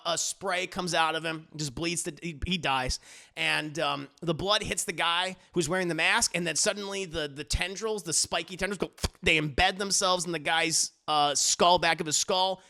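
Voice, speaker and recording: A man giving a casual scene-by-scene recap to his live chat, in an animated, profane, laughing style. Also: high voice, creaky. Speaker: TV reviewer streamer.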